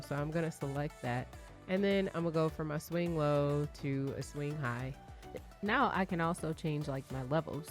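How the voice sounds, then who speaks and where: A woman, a trading educator, walking viewers through an app in a relaxed, chatty tutorial with light laughs. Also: low voice. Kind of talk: casual screen-share tutorial.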